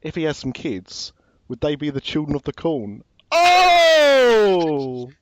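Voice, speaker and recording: A man's voice: fairly high pitch, normal speed, darkish tone, dry recording. A man hosting a podcast, joking and asking questions, often repeating words as he goes. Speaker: podcast host. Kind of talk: casual chat, interviewing. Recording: dry, slightly muffled podcast audio.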